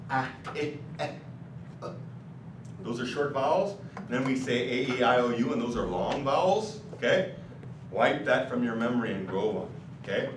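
A man's voice: mid-range voice, background noise. A man teaching a classroom language lesson, patiently quizzing his students as he explains vowels and word patterns. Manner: patient, asks students questions. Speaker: language instructor. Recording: roomy classroom recorded from a distance.

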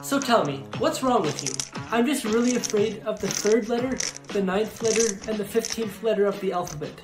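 Lively synthetic woman's narration voice. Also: mid-range voice, a little fast. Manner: synthetic, reads every character in one voice. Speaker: narrator reading joke skits. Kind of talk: text-to-speech storytime narration. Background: music.

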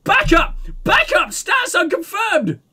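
A man's voice: animated, moderate pace, heavily acted. A man voicing a frantic, deluded old woman who barks police codes through a megaphone. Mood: screaming. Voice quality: shrill shouting.

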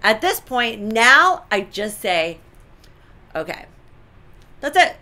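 A middle-aged woman co-hosts a casual relationship advice chat. Her voice is bright and slightly forceful. She is emphatic and animated, and she drives her points home by repeating them. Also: fairly high pitch, slow. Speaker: co-host giving relationship advice.

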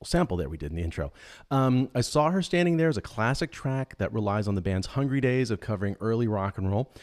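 Low-voiced man hosting a guitar show. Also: expressive, quick pace, darkish tone. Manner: upbeat, joking, frequent ums. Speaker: host.

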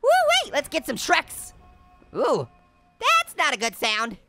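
Over music, a man voices a wisecracking talking orange who hosts cartoon let's-play game commentary for a gaming channel, fully in character and gleeful. The very high voice swings hugely in pitch, moves at a measured pace with vocal fry, and keeps punning, giggling and exclaiming.

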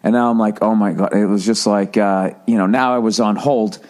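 An American man in his forties, with a lowish, fairly even voice and a slightly fast delivery, hosts a podcast. He tells a comic story as a profane, exasperated rant, loudly mimicking other people's voices.

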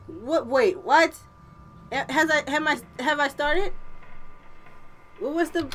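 A woman YouTuber doing let's play commentary, tipsy and frustrated, cursing freely with loud outbursts. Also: on the high side, normal speed, husky. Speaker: gaming YouTuber.

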